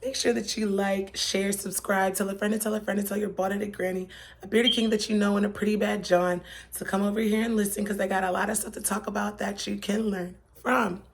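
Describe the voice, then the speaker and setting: A woman's voice: mid-range voice, flat delivery, brisk. A young woman from Pennsylvania vlogging in a chatty, rambling, slangy way that turns emotional. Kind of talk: casual chat. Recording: faint background noise.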